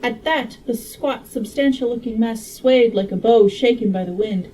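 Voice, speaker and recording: A woman reading a classic novel aloud in a casual style, steady but given to joking asides. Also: on the high side, moderate pace, far from the mic, a little hiss or hum, low-quality recording. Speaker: audiobook reader. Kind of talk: casual read-aloud narration.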